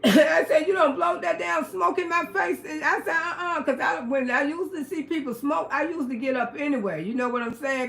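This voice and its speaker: Brash, high-voiced middle-aged woman storyteller. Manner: brash, profane, bursts into loud exclamations. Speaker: livestream host. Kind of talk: casual livestream storytelling. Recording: roomy echoey room.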